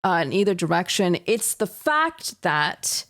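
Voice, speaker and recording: A woman's voice: lowish voice, very animated, unhurried, a bit bright. A young woman streaming a horror game, exasperated and sarcastic, talking to her chat. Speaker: gaming streamer. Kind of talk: let's-play commentary.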